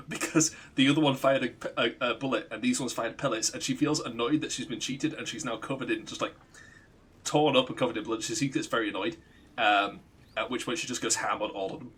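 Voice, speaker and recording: A man's voice: mid-range voice, steady tone, brisk, fairly bright tone, breathy edge. A man streaming a game, rambling through a retold story, swearing and laughing often. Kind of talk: casual chat while gaming.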